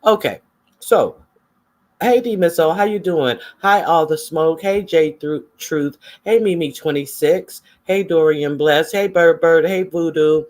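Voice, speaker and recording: A man's voice: a little high, measured pace. A man giving casual, gossipy livestream commentary and chatting with his viewers.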